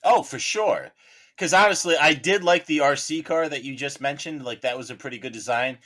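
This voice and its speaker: A man serving as a podcast juror, joking and animated as he gives his verdict. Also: fairly high pitch. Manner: animated, joking, quick to laugh. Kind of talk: casual film discussion.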